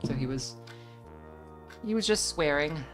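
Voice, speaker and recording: A woman's voice: deep voice, expressive, unhurried, faint music behind. A woman hosting a let's play, chatting casually and rambling about a game.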